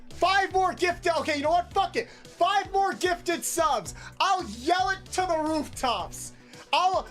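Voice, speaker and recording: A woman streaming from home, chatting casually with her audience and breaking into loud, mock-outraged yelling. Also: high-pitched. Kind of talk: casual live-stream chat with chat.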